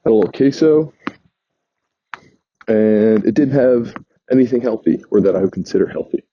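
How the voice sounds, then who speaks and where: A man's voice: on the low side, expressive, moderate pace, breathy edge, dry recording. A man from New York casually telling a meandering travel story, often stopping to correct himself. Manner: meandering, self-correcting, chatty. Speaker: vlogger. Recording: dull lo-fi sound.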